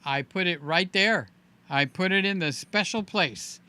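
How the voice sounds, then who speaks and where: A man's voice: high-pitched, unhurried, pushed and bright, smooth, no echo. A man hosting a casual livestream, playful and chatty, greeting viewers by name. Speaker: livestream host.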